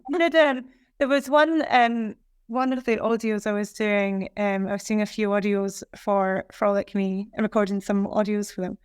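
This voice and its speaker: A woman with a Scottish accent, a guest author in a casual interview chat, enthusiastic and expressive. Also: medium pitch, clean tone, no room sound, clean studio sound. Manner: enthusiastic, expressive, quick bursts of praise.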